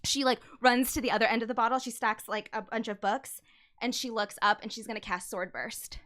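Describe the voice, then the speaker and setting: A woman's voice: fairly high pitch, steady tone, a little fast, a bit bright, no room sound, clean studio sound. Chatty woman playing a tabletop game. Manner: chatty, many fillers and laughs. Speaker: player.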